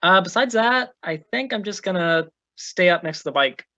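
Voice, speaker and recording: A player taking a turn in a tabletop game over voice chat, sounding relaxed and matter-of-fact. The voice sits at a middle pitch and comes through a dull, lo-fi mic with a dry sound. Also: normal speed, no echo. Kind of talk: casual tabletop game play. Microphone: online voice call.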